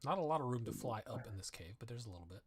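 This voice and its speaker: A man's voice: mid-range voice, lively intonation, very fast, a crowd in the background. A man running a tabletop game as game master, prompting each player in turn and laughing often.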